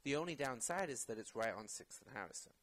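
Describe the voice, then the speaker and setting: A man's voice: medium pitch, expressive, quick pace, fairly bright tone, poor audio. A man, an actor and podcast guest, talking in a casual interview in a reflective way, often searching for his words.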